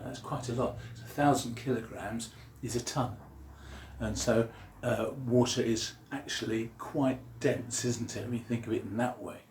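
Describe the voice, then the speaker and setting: A man's voice: mid-range voice, darkish tone, a little hiss or hum. A man gives a lighthearted science lesson, cracking puns as he explains things step by step. His voice sits in a middle range and carries a noticeable room echo. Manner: jokey, punning, explaining while drawing. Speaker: science teacher. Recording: roomy echo.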